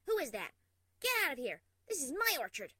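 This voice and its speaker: A woman voicing a gentle, lonely adult mare pony in a storybook reading, speaking softly and tenderly. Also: animated, unhurried, no room sound, studio quality. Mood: frantic shouting. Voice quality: soft and tender, then shrill shouting.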